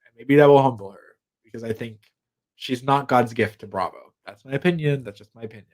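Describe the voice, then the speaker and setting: A man's voice: mid-range voice, a little fast, darkish tone. A young man co-hosting a podcast, chatting casually and gossiping about reality TV, acting out quotes and swearing freely. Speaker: podcast co-host. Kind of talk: casual chat recapping reality TV.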